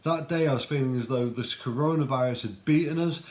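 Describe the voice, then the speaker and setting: A man's voice: mid-range voice, fairly quick. A man giving an earnest, reflective devotional talk, with frequent ums and restarts. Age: adult. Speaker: Christian video host.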